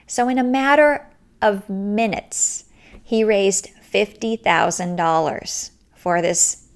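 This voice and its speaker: A woman's voice: mid-range voice, slow pace. A woman podcast host telling a story in an earnest, emphatic way. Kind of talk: storytelling monologue.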